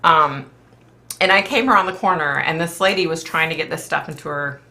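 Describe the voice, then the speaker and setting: A woman's voice: deep voice, fairly quick, vocal fry, sharp tone, slight background noise. A woman who is a psychic medium, hosting a casual live stream and rambling chattily, full of "like" and "you know.".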